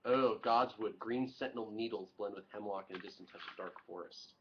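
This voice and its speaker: A man's voice: fairly low pitch, fairly quick. Man, playful co-host, casual jokey banter; dull lo-fi stream sound with faint hiss. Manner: joking, playful, mock-formal reading. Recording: lo-fi stream audio with faint noise.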